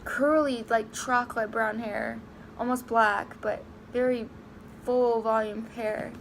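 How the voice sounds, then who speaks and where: A young woman vlogging a personal story to camera, halting and emotional, close to tears, with many fillers and restarts. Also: on the high side, steady tone, slight background noise.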